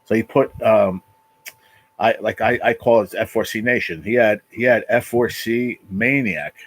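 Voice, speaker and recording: Broadcasting from his apartment, a livestream host speaks in a low, steady voice, talking casually and with emotion but haltingly, repeating himself and swearing a lot. The audio is poor.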